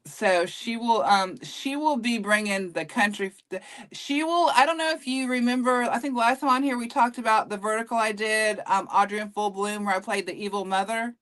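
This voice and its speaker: A woman with a New York accent touched by a light Southern twang talks casually about her work. She is chatty and doubles back on her words as she goes. Her pitch sits mid-range. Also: fairly bright tone. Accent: New York with a slight Southern twang. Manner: chatty, restarts often. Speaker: guest actress and comedian. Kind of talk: casual interview chat.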